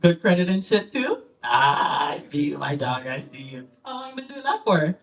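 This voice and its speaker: A woman's voice: low voice, big pitch swings, moderate pace, recorded from a distance. A woman hosting a comedy club night, doing playful crowd work and laughing often as she teases the audience. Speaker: comedy show emcee.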